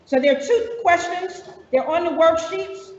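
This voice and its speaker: A high-pitched woman leads a workshop, speaking directly and casually with a few fillers. She sounds distant from the mic in a large, echoey conference room. The lo-fi recording makes her voice dull. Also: a little slow, a little mellow. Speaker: workshop facilitator. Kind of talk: instructions to a workshop audience.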